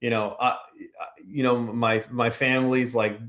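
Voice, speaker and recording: A man's voice: medium pitch, little pitch movement, normal speed, a bit bright. A man from Pennsylvania with a mid-range voice, chatting as a podcast guest. He rambles loosely, filling his sentences with "like" and "you know", in an easygoing conversational way. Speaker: podcast guest, business owner. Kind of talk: casual conversational interview.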